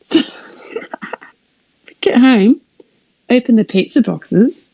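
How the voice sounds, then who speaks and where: A middle-aged woman, telling a rambling personal story on a live stream, animated and swearing, sometimes dropping to a whisper. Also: fairly high pitch, drawn-out words, creaky, breathy edge, poor audio. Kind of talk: casual anecdote on a live stream.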